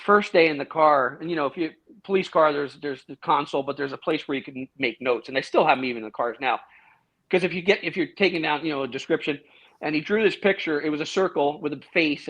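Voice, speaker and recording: A middle-aged man, a guest in a casual interview, telling a long story with lively acted-out quotes and frequent restarts. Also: on the high side. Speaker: guest, former police officer. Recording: dull, lo-fi sound.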